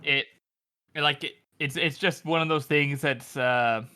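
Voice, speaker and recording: A man's voice: on the high side, steady tone, measured pace, bright, forceful tone, smooth. A man co-hosting a podcast, thoughtfully discussing a novel with many restarts. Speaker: podcast co-host. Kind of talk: casual book discussion.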